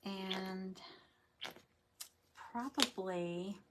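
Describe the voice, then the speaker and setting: A woman's voice: mid-range voice, very slow, very noisy. A woman chatting casually to viewers while she demonstrates a craft project. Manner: chatty, rambling, talks to viewers. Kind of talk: casual craft demo livestream.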